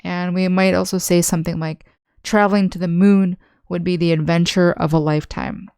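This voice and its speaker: Patient, gravelly-voiced woman teaching English. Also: lowish voice, steady tone, a little mellow, no room sound, clean studio sound. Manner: patient, explains slowly with examples. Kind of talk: online language lesson.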